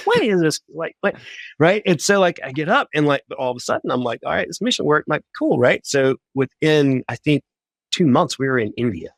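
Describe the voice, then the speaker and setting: A man's voice: mid-range voice, no room sound. Man telling his story, dry sound. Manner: animated, full of "like" and quoted inner voices. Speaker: guest sharing a faith testimony. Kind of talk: casual storytelling.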